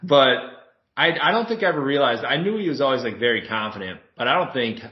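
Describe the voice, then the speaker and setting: A man's voice: mid-range voice, expressive, fast talker. A man co-hosting a sports podcast in casual chat, blunt and profane, laughing often. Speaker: podcast co-host. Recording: dull, lo-fi, roomy.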